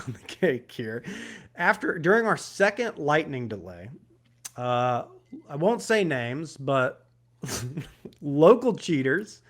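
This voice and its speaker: A man co-hosting a podcast, telling a story in casual chat with lots of laughter. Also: mid-range voice. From Georgia, US. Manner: animated storytelling, laughs often. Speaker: podcast co-host.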